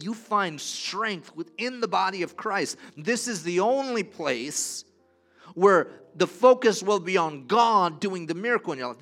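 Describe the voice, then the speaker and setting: Delivering a sermon, a man repeats himself forcefully and alternates between quiet, low stretches and loud, climbing proclamations.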